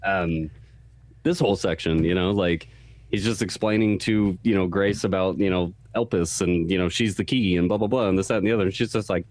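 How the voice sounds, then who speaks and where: A man's voice: sits low, steady tone, fairly quick, a little mellow. A man co-hosting a podcast in casual chat, laid-back and full of fillers. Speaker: podcast co-host.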